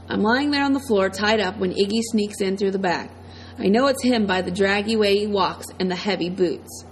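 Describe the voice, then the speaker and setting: A woman reading a first-person audiobook in a steady, plain storytelling manner. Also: medium pitch, moderate pace, slight background noise, low-quality recording. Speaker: audiobook narrator.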